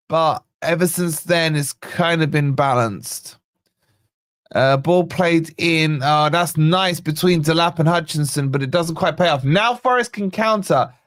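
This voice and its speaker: Chatty football fan guy doing live watch-along commentary, kinda high voice, dry close sound. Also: no echo. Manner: chatty, excitable, greets viewers by name. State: yawning, tired. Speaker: fan channel host.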